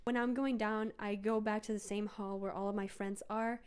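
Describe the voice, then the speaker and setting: With a clean tone, fairly even intonation and a normal pace, a young woman chats through a personal story for her casual vlog. Her talk is full of "like" and "bro," and she switches to high-pitched voices to quote people.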